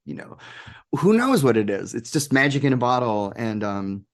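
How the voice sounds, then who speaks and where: A man's voice: mid-range voice, normal speed. A man telling enthusiastic anecdotes as a guest in a casual interview, full of fillers and restarts. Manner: excited, animated anecdotes with frequent fillers. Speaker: guest, game producer.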